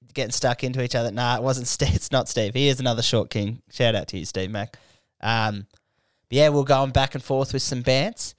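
A man's voice: mid-range voice, a little fast, smooth, no echo, clean studio sound. A man with an Australian accent, a comedian on a podcast, telling a story in loose, slangy banter with some swearing. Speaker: comedian guest.

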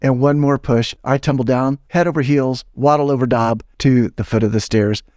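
A man co-hosting a comedy podcast, telling an improvised tall tale in a deadpan, mock-earnest way. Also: medium pitch, normal speed, dry recording, studio quality. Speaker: podcast co-host.

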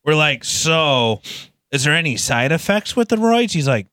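A man's voice: fairly high pitch, very animated, moderate pace, bright, forceful tone, no echo, studio quality. A man co-hosting a trades podcast, telling profane stories in casual chat. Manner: profane storytelling, quoting others. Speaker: podcast co-host.

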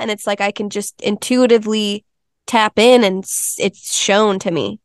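Interview guest: woman with a smooth, resonant voice, earnest and chatty, close dry sound. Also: medium pitch, steady tone, moderate pace, no room sound. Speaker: Ayurveda health counselor and intuitive healer, interview guest. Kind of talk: casual interview chat.

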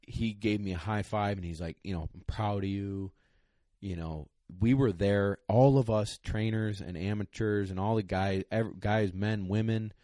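A man's voice: fairly low pitch, moderate pace, hardly any pauses, dry recording. A young man, a dog trainer, casually telling a podcast story in a rambling, emotional way with lots of fillers. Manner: rambling, excited, many fillers.

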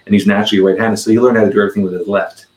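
A man's voice: on the low side, flat delivery, rapid-fire, darkish tone, roomy sound, poor audio. A man in his forties, a podcast guest, telling a story in casual conversation, rambling and repeating words as he goes.

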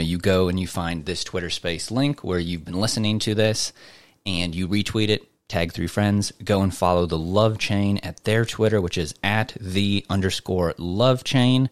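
A man's voice: low voice, clean tone, no room sound. A chatty, upbeat man hosting a live crypto AMA. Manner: chatty, upbeat, lots of fillers. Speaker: host.

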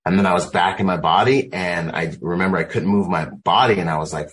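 A man's voice: low voice, fairly quick, fairly bright tone, slight background noise, rough recording. A military veteran, a man, recounting his experiences in loose, casual storytelling full of "like.".

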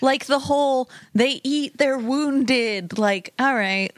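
A woman's voice: high voice, takes it slowly, dry recording. A woman in casual podcast chat who leads the talk with questions. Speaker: podcast co-host.

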